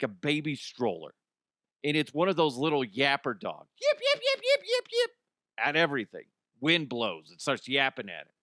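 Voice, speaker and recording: A man's voice: medium pitch, a bit bright, no echo, studio quality. A man hosting a comedy show, ranting casually in an exasperated way and swearing freely. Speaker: comedy podcast host.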